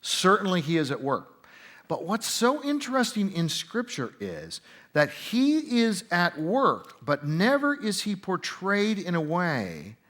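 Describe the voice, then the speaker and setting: A man with a high, buoyant voice that swoops up and down as he talks through scripture. He answers interview questions in an animated, emphatic way and throws in quick conversational asides. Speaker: interview guest, Bible teacher. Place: conference center.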